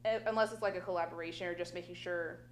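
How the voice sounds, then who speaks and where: A woman's voice: fairly low pitch, fairly even intonation, racing. A young woman co-hosting a podcast, talking casually and hesitantly, often searching for words. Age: young adult. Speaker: podcast co-host. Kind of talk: casual chat. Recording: roomy with faint noise.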